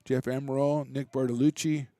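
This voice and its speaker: A man doing relaxed, chatty play-by-play commentary for a college baseball game, with self-deprecating asides. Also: medium pitch, moderate pace, dry recording, clean studio sound. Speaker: play-by-play announcer.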